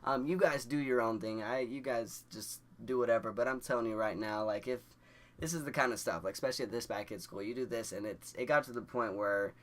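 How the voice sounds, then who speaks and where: A young man tells a story to his camera in a loose, rambling way, with restarts and a filler in nearly every phrase. His voice sits at a middle pitch, and he laughs his way through the funny parts. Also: fairly quick. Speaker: vlogger.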